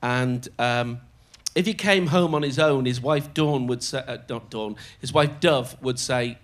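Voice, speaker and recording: An older man telling show-business anecdotes as a guest on stage, animated and often laughing as he slips into other people's voices. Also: mid-range voice, measured pace, hardly any pauses. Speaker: comedian guest. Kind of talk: storytelling anecdotes in conversation. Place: on stage in a theatre before a live audience.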